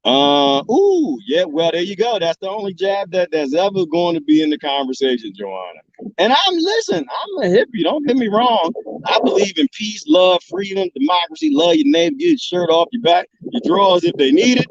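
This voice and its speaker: A man hosting a casual livestream, reading comments and rambling in an animated, profane and laughing manner. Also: high-pitched, moderate pace, vocal fry, no room sound. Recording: dull lo-fi dry sound.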